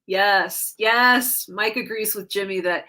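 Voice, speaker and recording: A woman's voice: mid-range voice, takes it slowly, pushed and bright. A woman hosting a livestream in casual chat, reading viewer comments aloud and reacting in an upbeat, playful way. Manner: playful self-teasing, frequent "like" and "um".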